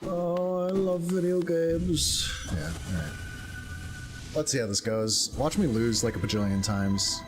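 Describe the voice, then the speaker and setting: A man's voice: on the low side, unhurried. Laid-back young man streaming a game. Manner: laid-back and jokey, with sudden excited yelps and laughs. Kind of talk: casual gameplay commentary. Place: home streaming room. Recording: game music behind.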